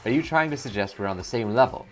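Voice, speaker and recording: A man's voice: mid-range voice, lively intonation, fast, music in the background, lightly acted. A man voicing an arrogant, cold young heir who speaks with contempt, in a visual novel reading. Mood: contemptuous. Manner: haughty, condescending.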